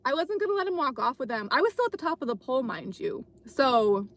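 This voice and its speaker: A woman's voice: high voice, big pitch swings, quick pace, a bit bright. A woman telling a story in a casual live chat from her car, rambling with lots of fillers and restarts. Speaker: live streamer. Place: car at night while driving.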